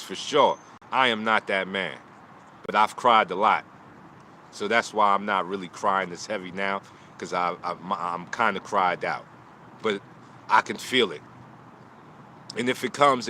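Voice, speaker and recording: A man's voice: lowish voice, bright, forceful tone, a little hiss or hum. A man talking live about loss and motivation in short, preaching lines, recorded outdoors on a phone. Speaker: martial arts teacher streaming live. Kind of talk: emotional live stream talk.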